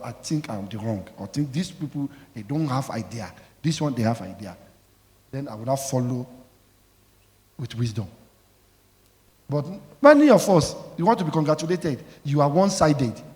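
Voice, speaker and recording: A man's voice: mid-range voice, darkish tone. A man preaching a sermon as pastor, emphatic and scolding, calling out questions for the congregation to answer. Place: church. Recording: echoey church hall.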